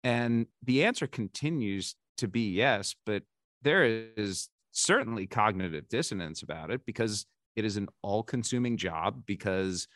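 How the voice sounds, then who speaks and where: A man in his forties with a low voice, speaking as a podcast guest in a dry room with little reverb. He tells candid, self-deprecating stories and often stops and restarts his sentences. The talk is loose and conversational. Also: fairly bright tone. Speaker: podcast guest, baseball insider. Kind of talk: casual interview storytelling.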